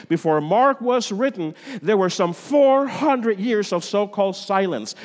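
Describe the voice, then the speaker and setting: A male pastor delivers his sermon with a lively, rising and falling voice and a fairly high pitch. He swings dramatically between loud declarations and hushed, near-whispered lines. The sound rings with the long reverb of a church sanctuary.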